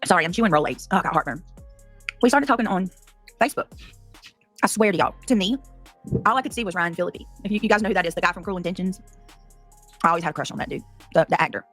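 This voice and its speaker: Fast-talking woman rambling on a livestream. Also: on the low side, a bit bright, soft background music. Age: 30s. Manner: rambling, reacts to chat mid-story, cussing. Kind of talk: casual livestream chat.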